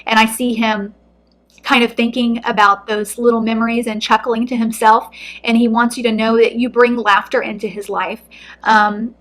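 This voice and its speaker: Earnest, gentle woman tarot reader. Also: fairly high pitch, level tone, moderate pace. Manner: soft, earnest, emotional. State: close to tears. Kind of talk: intuitive card reading to camera.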